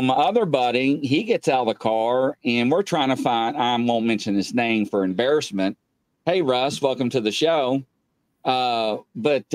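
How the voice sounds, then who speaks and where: A middle-aged man tells a story in a loose, rambling way, filling the pauses with "uh" and acting out each quoted line with a sharp leap up in pitch. His voice sits at an ordinary male pitch and sounds dry, with no room echo. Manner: animated, jumps up in pitch when acting out quoted speech; loose and rambling with many filler "uh"s. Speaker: guest, police captain. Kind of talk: casual storytelling.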